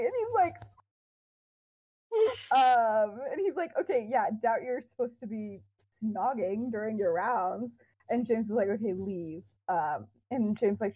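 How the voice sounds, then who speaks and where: A woman's voice: mid-range voice, dark tone, slightly rough, rough recording. A young woman co-hosting a podcast, casually retelling a fan-fiction story with quoted dialogue, lots of fillers and giggles.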